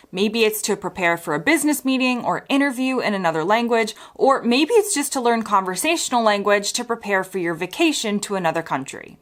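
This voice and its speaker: A woman with an American accent, originally from the United States, hosting a scripted explainer video in a lively, expressive way. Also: a little high. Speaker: host.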